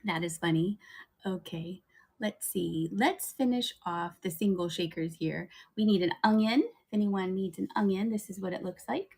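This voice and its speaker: Woman host, live-stream seller, chatty and giggly, thinks out loud between bids. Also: mid-range voice, normal speed, vocal fry, slightly rough. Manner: chatty, giggly, thinks aloud while selling. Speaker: online auction seller. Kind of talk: live-stream selling chat.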